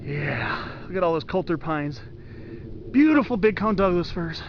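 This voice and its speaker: A man's voice: sits high, animated, unhurried, dull audio, background noise. A man filming himself on a forested mountain hike, talking to the camera with enthusiastic, gushing praise for the trees as he walks. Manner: enthusiastic, gushing over the trees, talks to the camera while walking. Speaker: hiker filming his hike. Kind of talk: casual hiking vlog narration. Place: outdoors on a forested mountain trail.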